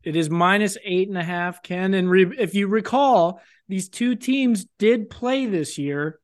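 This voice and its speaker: Brief: male co-host, casual sports banter, animated, argues his picks. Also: high-pitched, a little slow, no room sound, studio quality. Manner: animated, breaks into impressions. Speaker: podcast co-host making picks.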